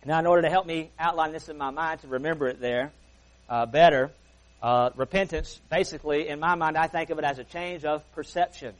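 This preacher delivers his sermon briskly in a church service, his intonation fairly even overall, though he swells on key words before falling quiet and soft. He is earnest and folksy, tossing in asides, and the recording is low quality.

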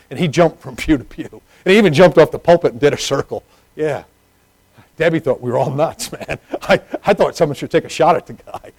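Preacher man swinging hushed to loud. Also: on the high side, no room sound, low-quality recording. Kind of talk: sermon with personal stories.

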